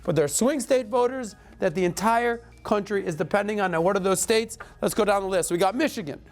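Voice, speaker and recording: A man's voice: sits high, brisk. A man from Florida hosting a show, delivering emphatic, blunt commentary straight to camera, with casual swearing and repeated calls to action. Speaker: show host. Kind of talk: direct-to-camera political commentary.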